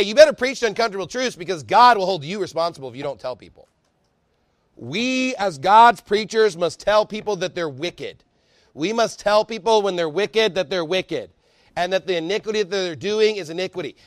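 High-pitched guy preaching a fired-up sermon, gets shouty sometimes. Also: lively intonation, dry recording, clean studio sound. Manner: fervent preaching, rising to shouts; reads scripture aloud quickly. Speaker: pastor.

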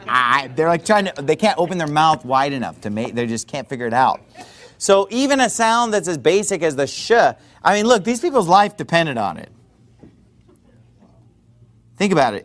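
A man preaching a sermon in a conversational, digressive way with quick rhetorical asides. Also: on the high side, fairly bright tone.

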